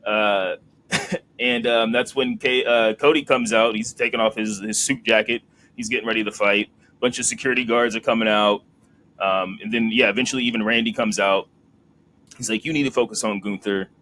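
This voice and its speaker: A man with a lowish voice co-hosts a relaxed wrestling podcast, walking through the week's events as a loose story. He fills his recap with "uh" and "like." A faint background noise sits under his voice. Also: normal speed. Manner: storytelling recap, laughs and acts out quotes. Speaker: podcast co-host. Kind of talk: casual wrestling recap chat.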